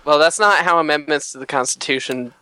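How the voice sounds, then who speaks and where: A man's voice: on the high side, fairly quick, bright, forceful tone, clear, resonant tone, no room sound, rough recording. A man co-hosting a casual talk show, giving dry, matter-of-fact opinions. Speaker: podcast co-host. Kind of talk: casual chat.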